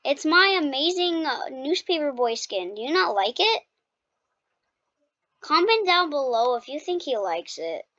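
A woman hosting a gaming video, chatting casually and playfully while she plays, quick to protest and tease. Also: sits high, very animated, a bit bright, muffled recording. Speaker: gaming channel host. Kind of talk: casual gameplay commentary.

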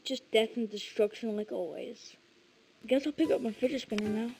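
High-voiced rambling vlogger girl. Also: a little fast, gravelly, over music, low-quality recording. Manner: rambling, stammering repeats. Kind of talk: casual vlog chat.

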